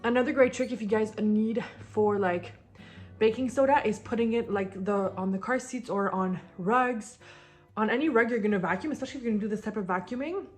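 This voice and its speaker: A woman's voice: medium pitch, brisk, faint music behind. A heavily pregnant young woman with a mother tongue, chatting casually and a bit scattered while she cleans at home, sometimes out of breath. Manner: chatty and scattered, many fillers, laughing at herself. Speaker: vlogger. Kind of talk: casual chat. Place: home, moving between rooms while cleaning.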